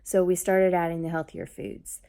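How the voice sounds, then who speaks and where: A mother chatting casually on a vlog, rambling with lots of fillers and getting lively when she tells family stories. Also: lowish voice, normal speed. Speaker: mother talking about her family.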